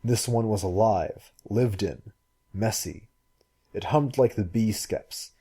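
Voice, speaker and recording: A man reading a science fiction story aloud in a measured, even way. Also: on the low side, breathy edge. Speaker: audiobook reader. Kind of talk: scripted narration.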